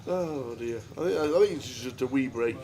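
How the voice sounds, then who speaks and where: A man's voice: mid-range voice, moderate pace, mellow. A man doing live poker commentary, chatty and jokey, with rambling asides. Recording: crowd chatter of a live card room.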